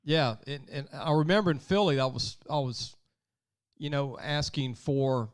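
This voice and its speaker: A man's voice: mid-range voice, unhurried, clean tone. A man hosting a sports podcast, chatting casually and telling personal anecdotes. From Louisiana. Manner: chatty, tells personal anecdotes, laughs easily. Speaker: podcast host. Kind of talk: casual interview chat.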